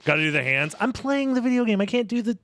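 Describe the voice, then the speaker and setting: Lively joking young male streamer. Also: sits high, fast talker. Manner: rambling, joking, self-deprecating, swears freely. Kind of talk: casual commentary while gaming.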